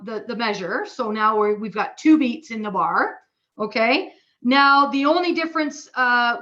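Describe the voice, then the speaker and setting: Woman, drum instructor, bright tone, patient explaining, counting beats aloud, muffled lo-fi recording. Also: a little high. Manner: patient, explanatory, checks in with "okay?".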